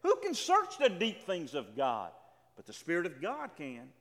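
Animated high-voiced male preacher. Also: moderate pace. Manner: emphatic, repetitive, stammering restarts, quotes scripture dramatically. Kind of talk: sermon. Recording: reverberant hall.

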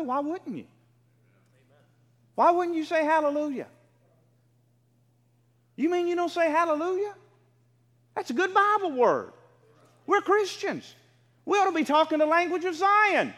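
A man preaching, his voice pitched unusually high and swinging widely. He calls the congregation to answer him and swells into fervent, emphatic cries. A long hall reverb trails every phrase. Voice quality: emphatic, rising to fervent shouts. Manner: call-and-response, exhorting the congregation. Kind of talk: sermon.

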